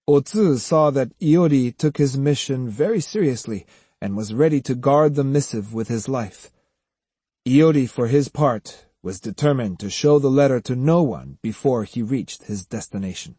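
Expressive guy reading an audiobook, husky and kinda dark, dry close sound. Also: medium pitch, moderate pace, no echo. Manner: expressive, acts out each character. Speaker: audiobook narrator. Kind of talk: scripted narration.

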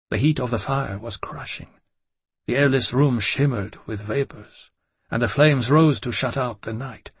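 Husky male narrator of a gothic novel. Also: mid-range voice, dry recording. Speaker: audiobook narrator.

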